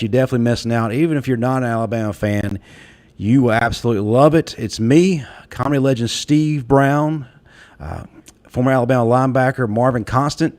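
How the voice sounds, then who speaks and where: A man hosting a casual panel talk show, speaking in a relaxed way with many fillers. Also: medium pitch. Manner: relaxed, lots of fillers and laughs. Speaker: podcast host.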